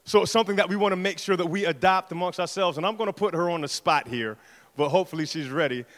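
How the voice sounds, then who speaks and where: Man pastor, slightly high voice, halting introduction, echoing church hall. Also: fairly bright tone. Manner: hesitant, filler-heavy introduction. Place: church service.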